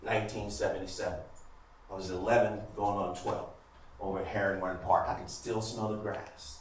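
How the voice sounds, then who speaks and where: Heard distantly in an echoey hall, this American man in his fifties speaks low, with little pitch movement and at a normal speed, over a slight hiss or hum. He's recounting a personal story at a live event in a large room, talking to the audience directly, conversationally and with emphasis.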